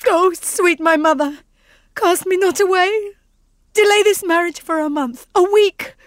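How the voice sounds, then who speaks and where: A woman's voice: extremely high pitch, measured pace, no echo, clean studio sound. A woman playing a desperate young noble daughter in a classical drama, pleading and anguished.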